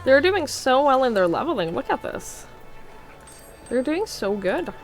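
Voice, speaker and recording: Lively, high-voiced woman streamer. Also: a little slow, soft background music. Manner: chatty, playful, talks to chat while playing. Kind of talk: casual game livestream chat.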